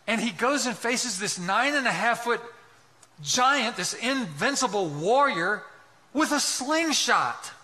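Forceful high-voiced male preacher. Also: animated, takes it slowly. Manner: impassioned, rhetorical questions, acts out quotes. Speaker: pastor. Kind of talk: sermon.

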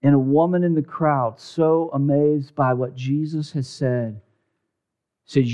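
A male pastor preaching a sermon, dramatic, swinging from loud emphasis down to a hushed near-whisper. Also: a little high, fairly even intonation, slow.

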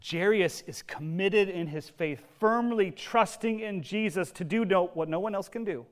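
A male pastor delivers a sermon in a lively storytelling manner, with casual asides along the way. His voice sits a little higher than most men's. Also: normal speed.

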